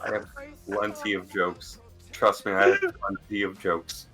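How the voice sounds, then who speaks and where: Game master narrator, male, casual and jokey, slightly low voice. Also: steady tone, measured pace, bright, forceful tone, slightly rough, faint music behind. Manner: casual, joking.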